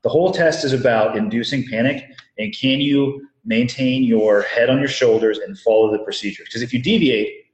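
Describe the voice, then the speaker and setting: A man calmly explaining as a guest, measured and precise. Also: medium pitch. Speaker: former dive instructor guest. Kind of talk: casual interview chat. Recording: echoey room.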